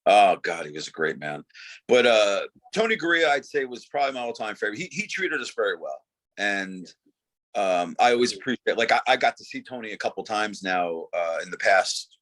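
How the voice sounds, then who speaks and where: A man's voice: lowish voice, big pitch swings, brisk, fairly bright tone. A middle-aged man, a former wrestler, talking casually as an interview guest in a laid-back way, saying "dude" and "you know" often.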